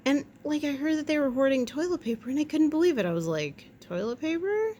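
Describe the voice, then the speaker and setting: A woman chatting at home in a rambling, jokey way, with quick asides and silly voices. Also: sits high, sing-song, warm tone, slight background noise. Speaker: vlogger. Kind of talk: casual chat.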